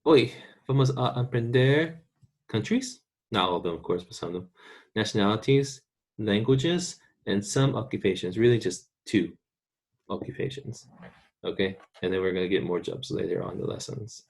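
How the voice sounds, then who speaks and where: A man from the United States teaching a recorded online Spanish lesson, patiently repeating words slowly for students to practice. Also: on the low side, gravelly, a little mellow, slightly rough.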